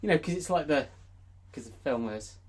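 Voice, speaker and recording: A woman's voice: sits low, lively intonation, normal speed, a little mellow, breathy edge. A woman from the United Kingdom co-hosting a film review with playful, ironic exclamations. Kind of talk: comic film commentary.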